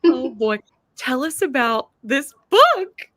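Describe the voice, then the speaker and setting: A woman's voice: sits high, big pitch swings, slow pace, a bit bright, slight background noise. A woman with an American accent hosting a live-stream author interview, gushing and exclamatory. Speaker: host.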